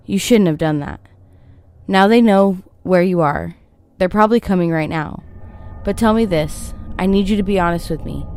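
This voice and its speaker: A young stranger with a thick foreign accent gives urgent, insistent warnings, as a woman narrator reads her lines. The voice sits fairly low for a woman and stays close to the reader's everyday tone. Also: normal speed, darkish tone, close to an everyday voice.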